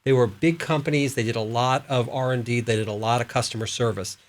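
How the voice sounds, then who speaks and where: A man's voice: mid-range voice, steady tone, quick pace. A man speaking as a guest on a studio panel, explaining things with a story. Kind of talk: panel discussion.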